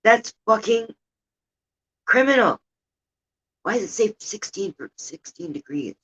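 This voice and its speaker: A woman's voice: medium pitch, expressive, unhurried, breathy edge, highs cut off. An older woman hosting a rambling, casual livestream chat from home, sometimes indignant. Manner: chatty, rambling, indignant about politics. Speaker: livestream host. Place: home room with a heater running.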